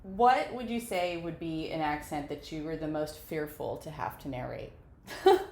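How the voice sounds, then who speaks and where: A woman's voice: sits low, normal speed, darkish tone, reverberant, slight background noise. A woman hosting a casual interview, asking rambling, hesitant questions with many restarts. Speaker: podcast host.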